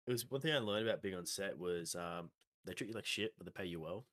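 A young Australian man co-hosts a podcast, rambling through casual chat with lots of fillers and restarts. His voice is low-pitched, fast and a bit bright, and the recording is dry.

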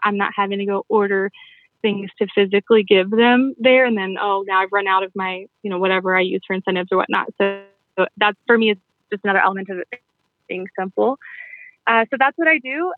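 A woman casually explaining her jewelry party sales routine in a playful, upbeat way, with self-corrections and quick laughs. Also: mid-range voice, no echo. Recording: tinny phone-line audio.

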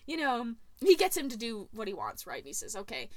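A woman's voice: on the high side, a little fast, no echo. A woman in casual chat, retelling a film's plot to a friend with lots of laughs and fillers. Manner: animated, laughs often, many fillers. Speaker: podcast co-host recapping a film.

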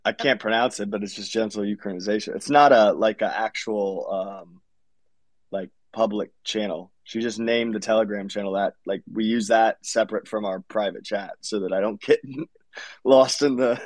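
An easygoing man with a somewhat low voice chats casually, filling his speech with small fillers. The sound is dry, with no room echo. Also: steady tone, moderate pace. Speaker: participant in an online audio chat. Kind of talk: casual group conversation.

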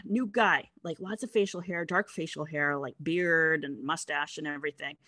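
A middle-aged woman telling a story in casual chat, animated and laughing, acting out voices from her anecdotes, on a close mic. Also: low-pitched, moderate pace, no room sound. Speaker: podcast guest.

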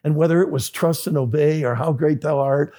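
A man's voice: on the high side, steady tone, fairly quick, dark tone. A man preaching a sermon, telling a story and acting out both sides of the conversations.

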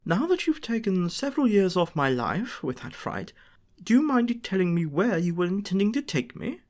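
A woman's voice: big pitch swings, normal speed, darkish tone, lightly acted. A woman voicing a fussy, easily frightened man, scolding and frantic in an audiobook reading. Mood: indignant. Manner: frantic, scolding, high-strung.

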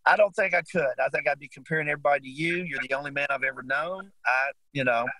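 A loving older wife speaks softly and affectionately, gentle and devout, as her husband quotes her. The voice sits a touch high and is recorded close and dry. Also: fast, dry recording, low-quality recording. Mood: tender.

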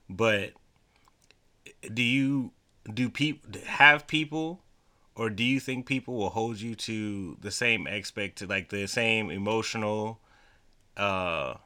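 A man hosting a podcast, asking questions in a halting way that restarts mid-sentence. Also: on the low side, bright, forceful tone, clear, resonant tone. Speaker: podcast host. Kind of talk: casual interview questions.

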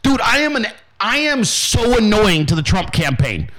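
A man's voice: high-pitched, big pitch swings, normal speed, pushed and bright, rough recording. A man hosting his own show, ranting in a brash, profane way and acting out the voices of people he quotes. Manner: brash, swearing constantly, acts out quoted voices. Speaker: podcast host. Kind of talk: profane motivational rant.

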